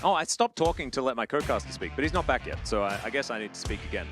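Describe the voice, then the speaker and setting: A man commentates a competitive video game match on his own, his pitch swinging widely as he talks. He fills gaps with chatty, self-mocking asides and gets loud on big plays. Background music runs steadily under his voice. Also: lively intonation, quick pace. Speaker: esports caster. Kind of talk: play-by-play esports commentary.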